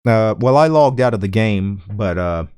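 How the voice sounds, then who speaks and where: A man chatting casually on a live game stream, reading chat messages aloud and answering them in a relaxed way. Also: on the low side, moderate pace, smooth, dry recording, studio quality.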